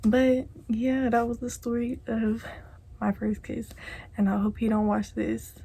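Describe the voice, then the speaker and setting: Slow, gravelly young woman vlogger. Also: a little high, little pitch movement. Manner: slangy, swears a lot, heavy use of "like"; drops into soft whispers at times. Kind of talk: casual storytime.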